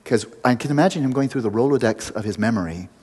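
A man's voice: mid-range voice, expressive, quick pace, a little mellow, husky, long reverb tail. A man giving a meditation retreat lecture, playful and teasing, telling stories and laughing often. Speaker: meditation teacher.

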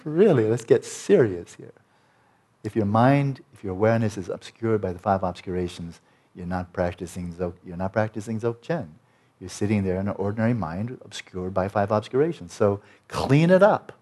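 A man's voice: lowish voice, moderate pace, mellow. A man giving a Buddhist teaching talk as a meditation teacher, blunt and joking, often mimicking the inner voices of his students.

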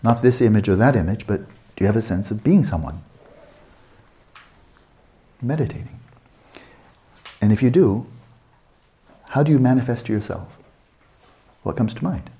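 A man guiding a meditation session as a teacher, unhurried and questioning, often checking in with his listeners. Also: fairly low pitch, expressive, warm tone.

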